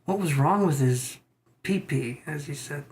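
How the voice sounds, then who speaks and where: A man's voice: fairly high pitch, a little slow, a little mellow. A man hosting a tarot live stream, chatting casually with viewers, joking, laughing and swearing freely.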